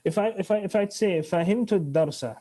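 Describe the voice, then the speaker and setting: A man's voice: sits high, very fast, mellow, husky. A man teaching Arabic grammar in an online class, switching between English and Arabic, restarting phrases and quizzing his students.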